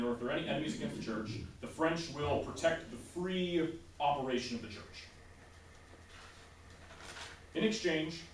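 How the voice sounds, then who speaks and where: A man's voice: mid-range voice, far from the mic, a little hiss or hum. A man teaches a history class in a loose, conversational way and keeps checking in with his listeners. He sounds roomy and a little off-mic, as though the recorder sits across the classroom. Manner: conversational, checks in with "right?" often.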